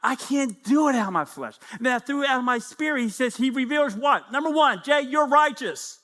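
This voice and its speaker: Fifty-something guy preaching, really high bright voice, acts out the back-and-forth with god. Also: moderate pace. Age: 50s. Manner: animated preaching, acting out prayers and dialogues. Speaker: pastor. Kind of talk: sermon.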